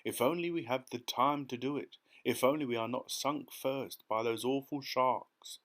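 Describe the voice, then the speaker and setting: A man voicing an earnest young boy who calmly and steadily explains his plan in an audiobook. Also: mid-range voice, normal speed, pitched above the performer's own voice, close to an everyday voice. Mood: determined. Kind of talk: audiobook character reading.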